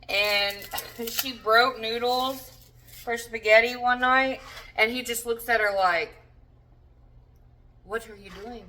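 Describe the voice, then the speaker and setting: A woman's voice: medium pitch, bright, forceful tone, far from the mic, a little hiss or hum, rough recording. A young woman chatting casually while cooking in her home kitchen, rambling with self-deprecating asides. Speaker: home cook vlogger.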